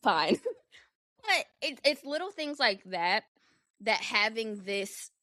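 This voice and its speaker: Young woman podcast host, frank and foul-mouthed, animated, slightly high voice, dry close sound. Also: slow, dry recording. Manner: candid, profane, animated. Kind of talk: casual solo podcast storytelling.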